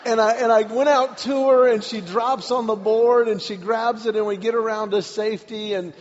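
A man preaching a sermon, telling a personal story in an animated way, repeating words and shouting at the climaxes. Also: sits high, normal speed, slight background noise. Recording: dull recording with long hall reverb.

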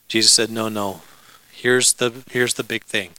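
A male pastor delivers a sermon in a bright, crisp voice. He preaches casually, mixing humor and asides to the congregation. The sound is dry and close. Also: fairly low pitch, steady tone, measured pace, dry recording, poor audio.

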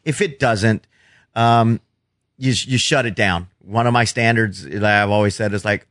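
Man, stand-up comedian, profane, animated storyteller, casual podcast chat, dry close mic. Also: fairly low pitch, measured pace, no room sound.

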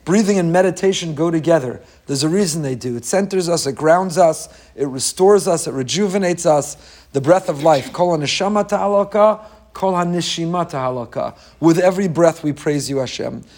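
A man teaching a Torah class in a lively way, often acting out the people he quotes. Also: fairly quick. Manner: animated, acts out quoted voices with rising pitch. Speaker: rabbi.

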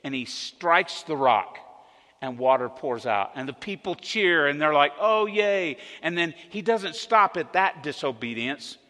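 Conversational pastor in a reverberant hall. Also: male voice, a little high, a little slow. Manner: conversational, animated storytelling. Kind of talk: sermon. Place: church sanctuary. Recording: long reverb of a church hall.

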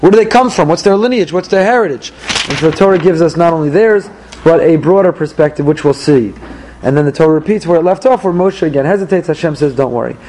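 A man's voice: on the high side, fast talker, a little mellow, slight background noise, poor audio. A man, a rabbi, giving a Torah class to a live group, posing one rhetorical question after another with dry humor. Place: class room in South Florida.

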